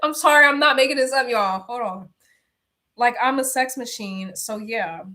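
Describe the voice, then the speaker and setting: A woman's voice: on the high side, normal speed, pushed and bright. A young woman hosting a livestream, chatting candidly with viewers in slangy talk and laughing often. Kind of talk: casual chat.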